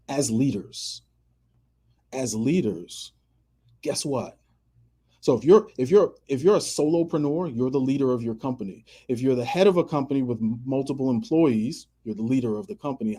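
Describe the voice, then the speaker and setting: A man with a slightly husky voice hosts a motivational talk show. His pitch sits in an ordinary middle range, and he hits his points with emphatic repetition. He acts out the people he quotes in passing. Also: normal speed, a little mellow. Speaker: podcast host.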